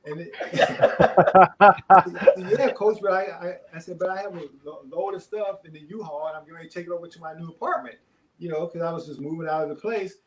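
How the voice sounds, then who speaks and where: An older man, a former basketball player, telling stories as a podcast guest in a relaxed, rambling way with many fillers. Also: a little high, fairly quick, poor audio. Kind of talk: casual storytelling.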